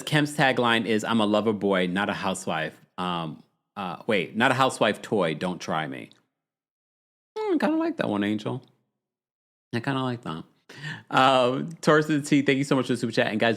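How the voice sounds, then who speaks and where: A man hosting a reality TV recap show in casual chat, reading viewer comments aloud and reacting with lively, swooping enthusiasm. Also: fairly quick. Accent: New York. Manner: animated, swings up high when amused. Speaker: podcast host.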